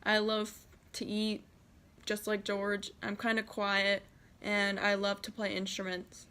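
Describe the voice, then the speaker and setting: A woman's voice: medium pitch, completely flat delivery, slow, sharp tone, smooth. American teen girl answering questions. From United States. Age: teens. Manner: reads each question aloud then answers casually. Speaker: vlogger. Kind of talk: casual Q&A tag video.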